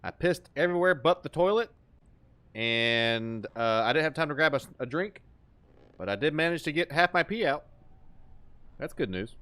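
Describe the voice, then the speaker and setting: A man hosting a horror game livestream, talking casually and making goofy, crude jokes with excitable outbursts. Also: on the high side, normal speed, long pauses. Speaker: livestream host playing horror games. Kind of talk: casual gameplay commentary.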